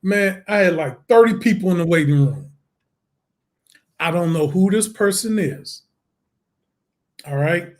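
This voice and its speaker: A man, a guest on an interview show, telling his story in a lively way, acting out the voices and laughing often. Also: high voice, unhurried, long pauses. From Detroit, USA.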